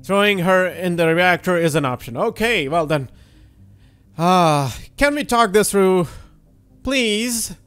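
A young man giving casual, excitable let's-play commentary while he plays, swearing and joking. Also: high-pitched, slow, clear, resonant tone, faint music behind. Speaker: gaming YouTuber.

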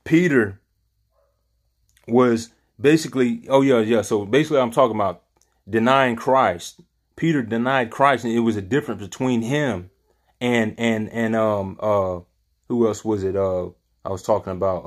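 A man's voice: on the low side, moderate pace. Earnest, rambling man leading Bible study. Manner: earnest, rambling, searching for words. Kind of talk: informal Bible study talk.

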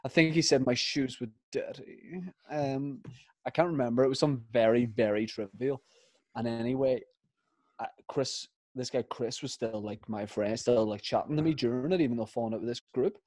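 A young man, co-host of a podcast, telling a childhood story in a casual chat with dry, deadpan asides. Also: mid-range voice, moderate pace, no echo.

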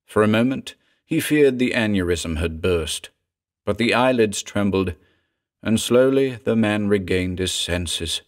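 A man narrating a horror story in a measured, grave storytelling manner. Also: lowish voice.

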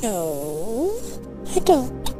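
A woman's voice: mid-range voice, sing-song, drawn-out words, music in the background. A young woman giving casual, chatty let's play commentary, fretting as she talks over the game.

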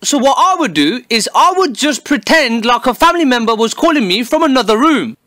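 A man's voice: extremely high pitch, sing-song, brisk, sharp tone, dry recording, studio quality. A young man, delivering a cheeky, sweary comedy monologue to camera. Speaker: comedy YouTuber.

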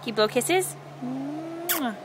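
A woman's voice: fairly high pitch, lively intonation, moderate pace, background noise. A mother filming a home video on an outdoor lanai, coaxing her toddler in a playful sing-song way to blow kisses and say bye-bye. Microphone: handheld camera.

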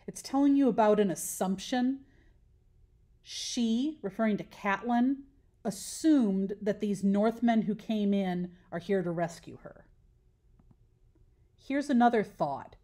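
A woman's voice: medium pitch, a little slow, pauses often, mellow. A woman teacher giving a recorded lesson, patiently explaining step by step and asking questions that she then answers herself.

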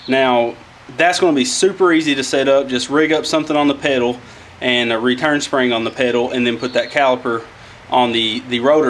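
A man's voice: medium pitch, a little hiss or hum. A man hosting a casual do-it-yourself workshop vlog, talking in a rambling, folksy way with loose grammar. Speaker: DIY go-kart vlogger.

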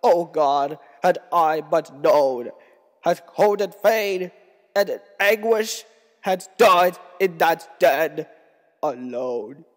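A man giving a dramatic poetry recitation, swinging between hushed grief and raised, bitter outcry. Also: fairly high pitch, lively intonation, slow pace, in a large hall. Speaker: poetry reader.

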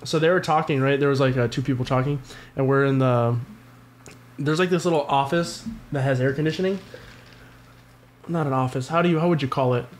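Fast-talking crude man. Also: mid-range voice, slight background noise. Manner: crude, vulgar storytelling with lots of swearing. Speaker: podcast co-host. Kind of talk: casual podcast banter.

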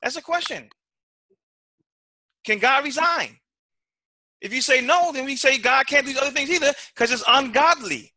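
A man's voice: very high-pitched, normal speed, pauses often, sharp tone, no echo. A man giving a timed debate rebuttal, emphatic and full of rhetorical questions, often repeating words as he presses his point.

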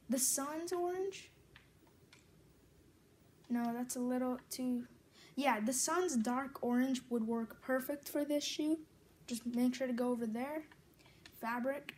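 Higher-voiced woman reading game settings. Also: a little mellow, a little hiss or hum. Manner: reads off lists of settings and numbers, corrects herself mid-sentence. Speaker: gaming tutorial host. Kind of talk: casual game tutorial walkthrough.

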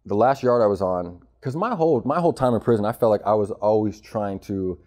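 A man's voice: fairly low pitch, animated, brisk, darkish tone. A man in his thirties from Arizona, talking candidly as an interview guest about his time in prison, blunt and full of street slang. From Arizona, United States. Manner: blunt, streetwise slang, frequent "bro" and "you know".

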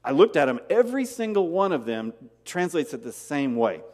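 A male pastor delivers a sermon with a lively, swooping delivery and a slightly high voice. He drives points home with rhetorical questions and repeated phrases. His voice carries a long reverb from the church hall. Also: moderate pace. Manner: animated preaching with rhetorical questions and emphatic repetition. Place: church sanctuary.

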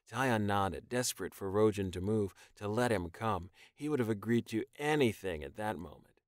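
A man reading an audiobook in even, measured scripted narration. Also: lowish voice, no echo, clean studio sound.

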